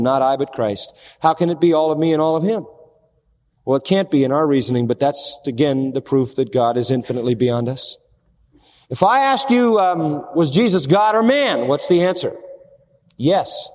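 A man's voice: fairly high pitch, normal speed, a little mellow, long reverb tail. A man preaching a sermon, posing questions to the congregation and answering them with emphasis.

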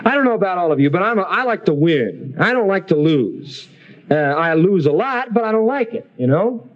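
Male Bible preacher, fairly high voice, animated sermon, dull broadcast sound. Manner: lively preaching, swings between slow emphatic quotes and quick asides. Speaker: Bible teacher.

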